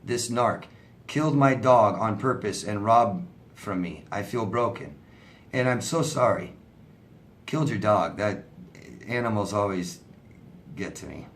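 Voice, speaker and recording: A man's voice: lowish voice, slight background noise. A man answering viewer questions as a relationship coach, in a conversational, sympathetic way, often asking "right?". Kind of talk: casual advice talk.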